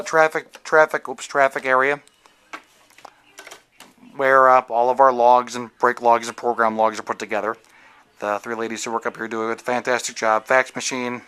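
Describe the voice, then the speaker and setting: A man's voice: mid-range voice, pushed and bright. A man who works as a radio DJ, giving a casual, jokey walking tour of a station's offices and studios, with lots of fillers and restarts, recorded on a handheld camera indoors.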